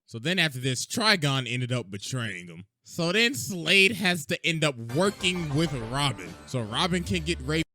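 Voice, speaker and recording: A man hosting a comedic cartoon recap, storytelling with heavy slang and bursts of shouting. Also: a little high, sing-song, moderate pace, few pauses, soft background music. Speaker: host.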